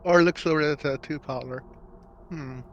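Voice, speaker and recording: A man playing a tabletop game, musing and hesitant with many pauses. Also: a little high, a bit bright, highs cut off, slight background noise. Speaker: player. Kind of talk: casual tabletop play.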